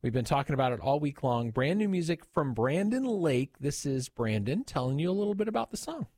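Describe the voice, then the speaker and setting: Husky-voiced male radio host. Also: fairly high pitch, very animated, a little fast, darkish tone, dry recording, clean studio sound. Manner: chatty and playful. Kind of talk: casual radio banter. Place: radio studio. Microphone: studio microphone.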